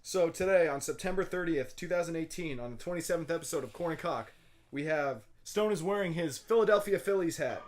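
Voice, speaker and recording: A man's voice: a little high, lively intonation, brisk. A young man co-hosting a podcast, rambling goofily and laughing between bits. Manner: goofy, laughing, loose rambling. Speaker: podcast co-host. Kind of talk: casual podcast chat.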